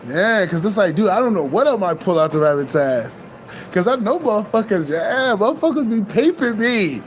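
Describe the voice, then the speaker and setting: A man with a notably high voice talks in a loose, streetwise spiritual pep talk. He curses freely and keeps looping back to the same encouragements. Faint vehicle noise hums in the background. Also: expressive, moderate pace. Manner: loose, profane, repeats himself. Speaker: spiritual vlogger.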